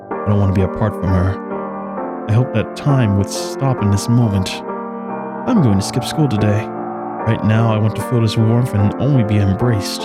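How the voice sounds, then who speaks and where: A man's voice: on the low side, close to an everyday voice. A man reading aloud the earnest, trembling inner monologue of an anxious, lovesick young male student from a game.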